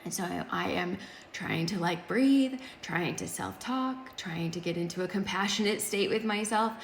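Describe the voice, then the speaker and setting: A woman in her thirties telling a personal story in casual, expressive speech that swings between loud and hushed. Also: medium pitch, moderate pace, slight background noise. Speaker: podcast host and mother.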